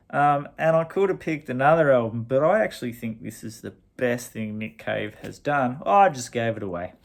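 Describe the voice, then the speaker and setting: A middle-aged Australian man with a gravelly, creaky voice, talking loosely about his favourite records. He rambles, backtracks and corrects himself, tossing in plenty of casual slang. His pitch sits in the ordinary middle range for a man. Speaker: vinyl collector reviewing records. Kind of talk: casual record review vlog.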